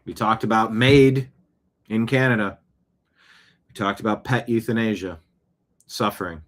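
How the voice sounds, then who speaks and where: A man's voice: on the low side, fairly even intonation, a little slow, fairly bright tone. A man hosting his own show, giving opinionated news commentary full of indignant rhetorical questions. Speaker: show host.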